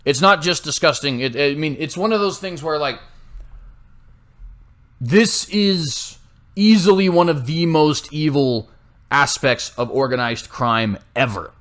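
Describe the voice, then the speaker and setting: A man's voice: a little high, measured pace, a bit bright. Sarcastic young man ranting. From United States. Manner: heated, sarcastic, frequent "right?" tags. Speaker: political commentary host. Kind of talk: opinionated monologue.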